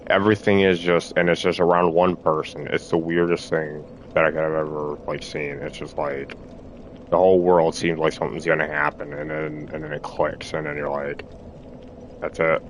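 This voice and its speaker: A man rambling through a halting monologue, repeating himself, restarting phrases and swearing as he tries to reassure himself. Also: very deep voice, little pitch movement, a little hiss or hum. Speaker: streamer.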